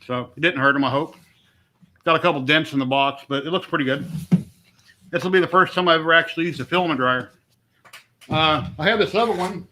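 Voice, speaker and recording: A man's voice: on the high side, a little fast, pauses often, bright, forceful tone, slight background noise. A middle-aged man chatting casually and rambling on a home live stream, easygoing and talkative. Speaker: livestream host.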